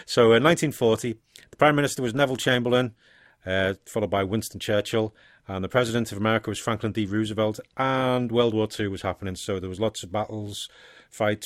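Relaxed man chatting about films. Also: mid-range voice, no echo, studio quality. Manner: relaxed, rambling, thinks aloud with fillers. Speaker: podcast co-host. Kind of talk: casual film podcast chat.

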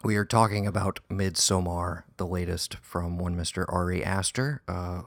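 A man's voice: low-pitched, fairly even intonation, moderate pace, no echo, studio quality. A man hosting a casual film review podcast, talking in a rambling, hesitant way with many false starts. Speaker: podcast host.

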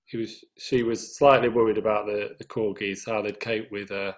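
A man's voice: lowish voice, level tone, normal speed. Chatty Northern English man telling anecdotes. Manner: chatty storyteller, laughs at his own anecdotes. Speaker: singer, interview guest. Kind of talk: casual anecdotal chat.

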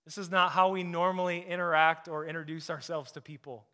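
Male pastor, sermon, bright clear voice, slightly high, emphatic then hushed. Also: little pitch movement, brisk. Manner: emphatic preaching, drops to soft intensity on key points.

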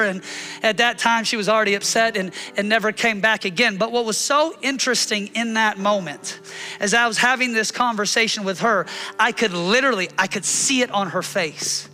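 A man in his thirties preaching a sermon, telling a personal story and acting out the scenes with animated delivery. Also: high voice, moderate pace, big-room sound, faint music behind. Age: 30s. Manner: animated, acts out his own shouting in the story. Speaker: pastor.

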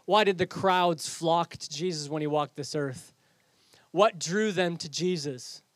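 A male pastor with a high voice delivers an earnest sermon, posing rhetorical questions to the congregation. The sound is dry and close, with no room echo. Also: measured pace. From Canada.

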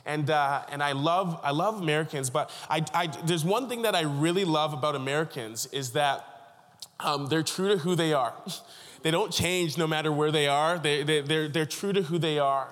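A man preaching a sermon, his voice sitting a touch higher than most men's. He tells stories earnestly, often restarting his sentences. His words ring with the long reverb of a big church hall. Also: normal speed, fairly bright tone. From Canada (Ontario). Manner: earnest storytelling with frequent restarts. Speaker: pastor.

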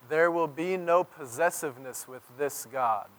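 A man preaching a sermon as pastor, telling stories and swinging from loud emphasis to near-whisper. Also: on the high side, normal speed.

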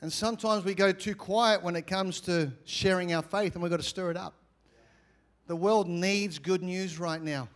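Australian pastor preaching with humor. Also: male voice, sits high, moderate pace. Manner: animated, humorous preaching with asides to the congregation. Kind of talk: sermon.

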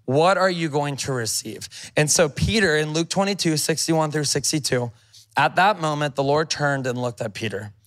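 A man's voice: fairly high pitch, moderate pace, fairly bright tone. A male pastor preaching a sermon, reading scripture aloud and commenting on it in a conversational, emphatic way.

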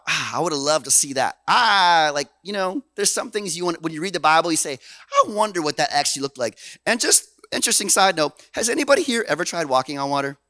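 A man from Canada preaching a sermon in an animated, folksy way, dropping low and then swelling loud. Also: no echo. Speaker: pastor.

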